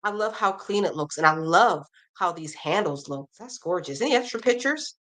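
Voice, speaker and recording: Speaking at a normal speed in a fairly low but slightly bright voice with lively intonation, a woman runs a casual crochet live stream. She reads viewers' comments aloud, reacts and chats with them, and goes through pattern blurbs upbeatly.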